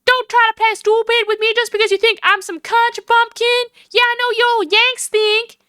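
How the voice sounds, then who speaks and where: Woman streamer doing a brash country photographer, thick Southern drawl, scolding, bright and high. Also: flat delivery, moderate pace, no echo, studio quality. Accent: exaggerated American Southern drawl. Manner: snappy, loud and scolding. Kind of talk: voicing game dialogue on a livestream.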